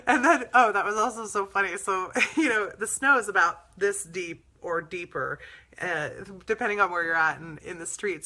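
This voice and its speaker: A woman's voice: medium pitch, bright, forceful tone. A woman host telling stories in a casual, chatty way, laughing often as she talks. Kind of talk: casual storytelling chat.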